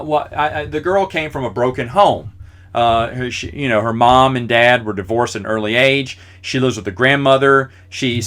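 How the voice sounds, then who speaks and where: A man's voice: medium pitch, sharp tone. A man in his forties hosting a podcast, telling rambling, self-deprecating stories with lots of fillers. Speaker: podcast host. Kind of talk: casual storytelling.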